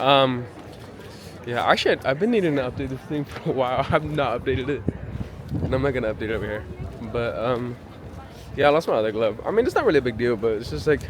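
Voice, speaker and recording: A man chatting casually as a travel vlogger, rambling and joking at himself while walking outdoors with a handheld camera. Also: mid-range voice. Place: outdoors at a busy palace grounds. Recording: outdoor crowd noise. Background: crowd chatter.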